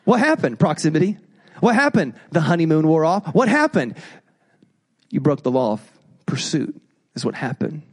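A man preaches with a high, light voice. He is animated and conversational from the pulpit, now and then acting out the people he quotes. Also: normal speed, long pauses. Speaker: pastor. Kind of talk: sermon.

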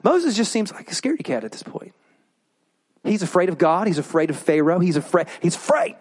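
A man preaching a sermon as pastor, animated, acting out quoted voices as he goes. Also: a little fast, breathy edge. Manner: animated, acts out quoted voices with rising pitch.

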